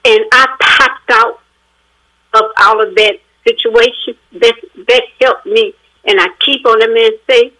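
A woman calling in to a radio program with a bright, forward voice pitched a little high. She speaks in a heartfelt, effusive way and often sounds close to tears, pouring out her thanks. Her words tumble out with deep feeling. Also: unhurried, poor audio. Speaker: caller. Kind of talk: call-in radio talk.

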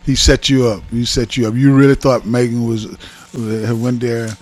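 A man's voice: medium pitch, level tone, moderate pace. A man hosting a radio talk show, teasing his co-host in boisterous casual banter with lots of stammered restarts. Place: radio studio.

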